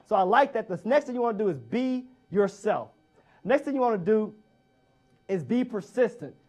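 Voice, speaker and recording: A man with a fairly high-pitched voice delivers a motivational speech. He speaks emphatically and repeats key phrases to hammer each point home. He often puts direct questions to his listeners. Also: lively intonation, normal speed, a little mellow, soft background music.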